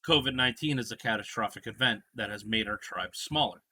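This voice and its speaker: A man's voice: lowish voice, fast, pushed and bright, slight background noise. A man hosting a casual podcast chat, retelling a TV scene in a rambling, storytelling way. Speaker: podcast host.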